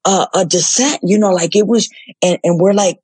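A woman guest telling a story in a casual interview, animated, swearing casually and acting out the quotes. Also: medium pitch, moderate pace, breathy edge. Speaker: guest, former reality show contestant.

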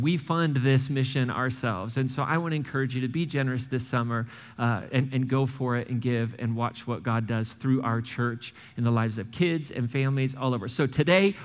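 A male pastor addresses his congregation in a lively, conversational way, often repeating and restarting words as he goes. His voice carries a long reverb from a large church hall. His pitch sits right in the middle for a man. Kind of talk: sermon with church announcements. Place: church sanctuary.

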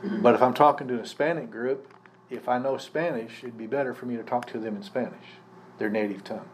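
A man's voice: medium pitch, fairly quick. A male pastor giving a live sermon, teaching conversationally and putting questions to the congregation. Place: church service. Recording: faint background noise from a live service.

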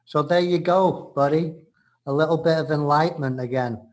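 A man's voice: a little high, normal speed, a little mellow. An Englishman co-hosting a show, explaining things in casual chat, often laughing. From England.

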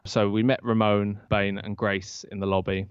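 A low-pitched man spins an anecdote as a podcast guest, acting out the quoted lines. The sound is dull and lo-fi, dry with no room echo. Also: normal speed, smooth. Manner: lively storyteller who acts out quoted lines. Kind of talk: telling an anecdote in an interview.

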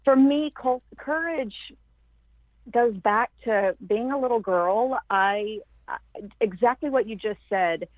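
A woman's voice: a little high, slow, no room sound. A woman guest on a podcast, an empowerment coach speaking emphatically and effusively in long flowing runs. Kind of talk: casual podcast interview. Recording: tinny phone-like line, dry.

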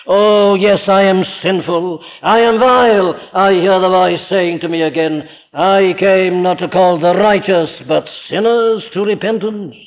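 A man's voice: high-pitched, unhurried, hardly any pauses. A man with a Welsh accent preaching a sermon in an emphatic manner that rises to impassioned cries. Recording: dull archival recording in a reverberant hall.

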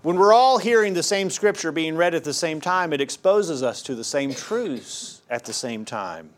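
A man's voice: a little high, lively intonation, normal speed. A middle-aged man preaching a sermon in an earnest, emphatic way, often repeating his key phrases.

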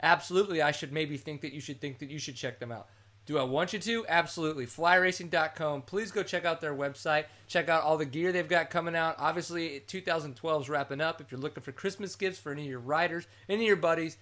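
Male host, casual podcast chat, joking and crude, bright tone. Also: fairly high pitch, fast talker. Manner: brash, joking, crude humor.

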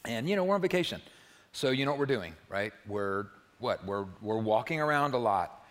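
A man's voice: medium pitch, lively intonation, moderate pace, a bit bright. Joking, chatty male preacher. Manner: conversational and humorous, often asks the listeners "right?". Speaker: pastor. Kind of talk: sermon. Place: church.

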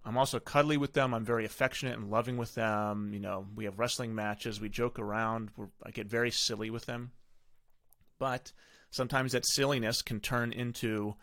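A man's voice: mid-range voice, steady tone, normal speed, a bit bright, no echo, studio quality. A middle-aged man hosting a podcast, giving casual, rambling parenting advice full of self-corrections. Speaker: podcast host.

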